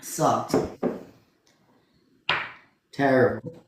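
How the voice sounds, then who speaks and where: A man's voice: medium pitch, extremely slow. A man co-hosting a casual chat show, rambling and repeating himself as if worn out. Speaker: podcast co-host. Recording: very echoey room with faint noise.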